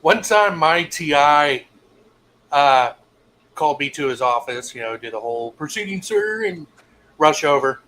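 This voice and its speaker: A man's voice: on the high side, unhurried, pauses often, sharp tone, slight background noise, low-quality recording. A young man co-hosting a casual stream, telling laid-back stories and swearing freely. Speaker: stream co-host. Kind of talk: casual storytelling chat.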